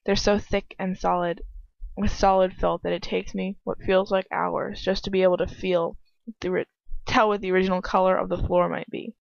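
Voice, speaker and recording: A woman reads fan fiction aloud in the first person in a dull, dry home recording with no room sound, breaking off now and then to laugh and comment on the text. Her voice is lowish and level, with vocal fry and a moderate pace.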